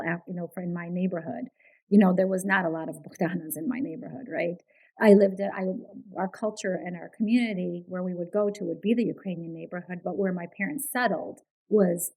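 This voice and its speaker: A woman's voice: on the low side, creaky, a little mellow, slightly rough, low-quality recording. A woman guest on a podcast, a behaviour analyst, talking in earnest, casual interview style and often checking in with "right?". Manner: earnest, repeats words, says "right?" often.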